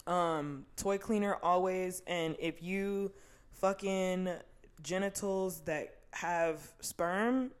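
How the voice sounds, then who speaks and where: A young woman co-hosting a podcast in casual chat, animated, acting out what others said as she tells stories. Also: fairly low pitch, slow pace, clean tone. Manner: animated, quotes people while telling stories. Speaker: podcast co-host.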